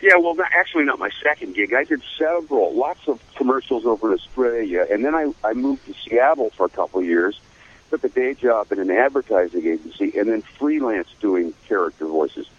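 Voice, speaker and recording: Animated older man telling stories. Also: on the low side, a little fast, breathy edge, dull audio. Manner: animated storyteller who slips into voices. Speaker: voice actor guest. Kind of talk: casual interview storytelling.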